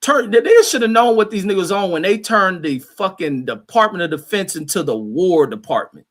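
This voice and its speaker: A man's voice: high-pitched, animated, brisk, few pauses. Ranting man reading chat comments. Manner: blunt, heated ranting, reads comments aloud. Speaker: livestream host reading chat. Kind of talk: casual profane commentary.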